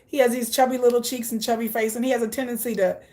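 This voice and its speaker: A woman's voice: fairly high pitch, level tone, fast, darkish tone. A woman vlogger chatting casually, gushing and laughing often while reacting aloud to viewer comments. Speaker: K-pop vlogger. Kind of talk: casual chat.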